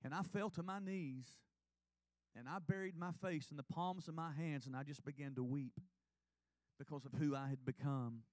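A man's voice: a little high, steady tone, normal speed, a little mellow, no echo. A man, preaching in church and telling his own testimony in an earnest, confessional way. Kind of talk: sermon testimony. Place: church sanctuary.

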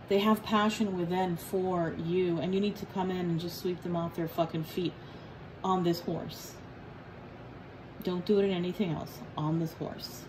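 A woman's voice: fairly low pitch, a little hiss or hum, rough recording. Blunt, joking woman reading tarot. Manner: blunt, profane, joking and animated. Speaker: tarot reader.

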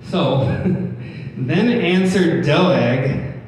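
Earnest preacher, echoey hall from far. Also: male voice, fairly high pitch, extremely slow, darkish tone, slight background noise. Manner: earnest, emphatic, repeats key points. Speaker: pastor. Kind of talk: sermon. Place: church hall. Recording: echoey hall from a distant mic.

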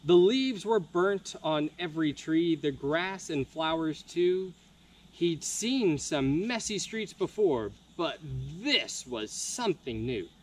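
A high, lively man reading a storybook. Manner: expressive, slow storybook reading. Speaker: camp counselor. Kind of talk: reading a picture book aloud.

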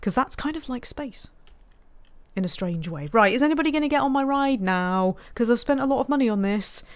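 A woman's voice: on the high side, animated, a little fast. A woman giving casual let's-play commentary, chatting to herself and muttering frustrated asides while she builds. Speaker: game streamer.

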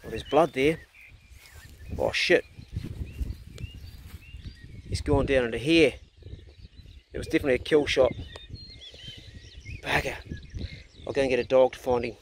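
A man's voice: mid-range voice, slight background noise. A man filming himself on a farm, giving casual hunting commentary, swearing freely and talking to his dog. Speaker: hunting vlogger. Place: outdoors on a farm.

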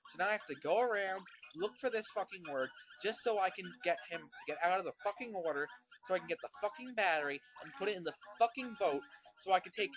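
A man commentating over his own gameplay, ranting in constant profane exasperation at a slow game. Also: high voice, rough recording. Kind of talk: let's play commentary. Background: video game music.

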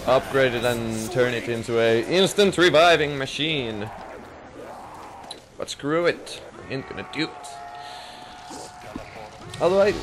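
A young man from Finland giving rambling, jokey commentary over his game. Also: mid-range voice. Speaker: gaming commentator. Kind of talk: casual gameplay commentary. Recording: noisy game audio behind.

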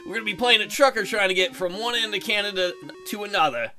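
Soft background music and keyboard typing accompany a gaming video host's casual let's play, where he reads out game text and jokes crudely. He talks fast, his voice sitting high with a bright, forceful tone.

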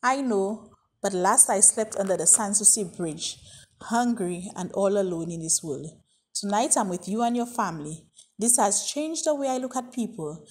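A woman's voice: mid-range voice, lively intonation, moderate pace, a little mellow, lightly acted. Woman reading as a humble homeless man. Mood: moved. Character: grateful homeless middle-aged man.

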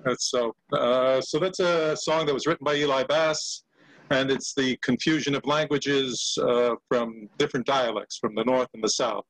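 A man's voice: mid-range voice, steady tone, normal speed, a bit bright, no room sound, poor audio. An older man on a video call, a Yiddish actor and singer, talking casually with many fillers and hesitations. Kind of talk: casual video-call chat with sung comic song.

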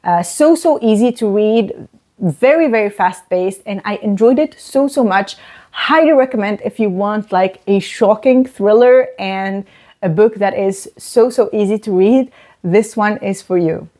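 A woman's voice: mid-range voice, a little slow, mellow. A woman giving casual, emphatic book reviews to camera, often repeating words for stress.

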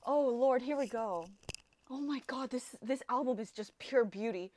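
Young adult woman, music reaction vlogger, excitable gusher, a touch high-pitched. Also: moderate pace, noisy background. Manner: gushing, excitable, many exclamations and fillers. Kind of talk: casual first-listen reaction.

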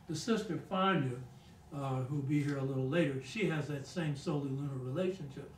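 An older man appears as a guest on a talk show, casually and emphatically recounting family stories and often asking "you know what I mean?" His somewhat high voice sounds reverberant and distant in a rough recording.

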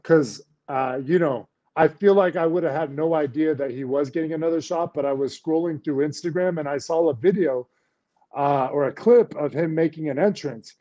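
A man's voice: on the high side, warm tone, dull audio. A man wrestler chatting loosely about what he saw and heard. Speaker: wrestler guest. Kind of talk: casual interview talk.

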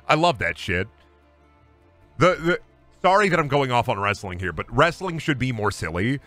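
Lively, bright-voiced ranting man. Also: medium pitch, moderate pace, dry recording, faint music behind. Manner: heated, profane and emphatic. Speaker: streamer. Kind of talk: casual rant while gaming on stream.

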